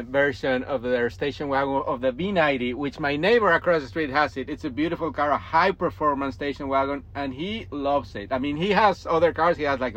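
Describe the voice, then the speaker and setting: A man's voice: fairly high pitch, fairly bright tone, highs cut off. A man on a car panel, talking with enthusiasm in loose, casual grammar. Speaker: car panelist with a YouTube channel.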